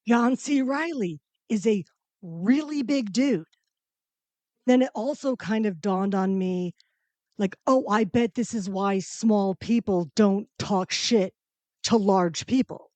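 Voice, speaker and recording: A woman hosting her own show, telling a comedic personal story in a profane, animated, emphatic way. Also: a little high, slow, no room sound. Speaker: podcast host.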